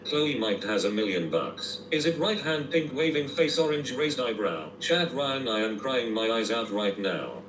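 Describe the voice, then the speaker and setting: A text-to-speech male voice reading out viewer messages in a flat, mechanical way. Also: medium pitch, measured pace, few pauses. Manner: flat, mechanical delivery, reads out emoji names. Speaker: text-to-speech chat reader. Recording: roomy, distant and noisy playback.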